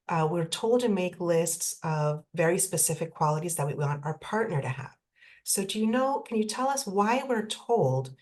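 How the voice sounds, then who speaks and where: A woman's voice: fairly low pitch, a little mellow. A woman asking thoughtful questions in a casual chat, searching for her words.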